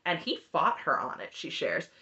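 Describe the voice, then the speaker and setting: A woman's voice: sits low, wildly swooping pitch, moderate pace, creaky, bright, forceful tone, lo-fi sound. A woman giving an opinionated, sarcastic recap of a reality TV show, laughing often as she talks. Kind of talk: opinionated reaction commentary.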